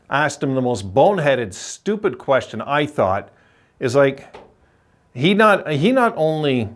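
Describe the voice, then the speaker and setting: An older man from Quebec hosting a hockey channel, ranting bluntly with a rambling, opinionated manner. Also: mid-range voice. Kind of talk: casual opinion vlog.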